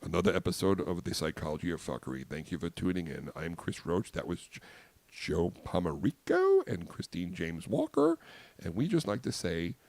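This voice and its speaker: A man's voice: sits low, big pitch swings, moderate pace, vocal fry, a little mellow, no echo. A man hosting a podcast in casual chat, easygoing and rambling with loose restarts. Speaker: podcast host.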